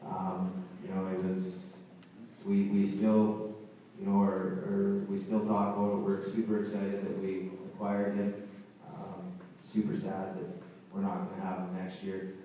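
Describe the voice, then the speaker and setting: A man's voice: low voice, monotone, a little slow, warm tone. A man who is a hockey head coach, giving an unscripted awards banquet speech, rambling with fillers and restarts. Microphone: recorded from far off in the room. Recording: very echoey hall, distant mic, faint room noise.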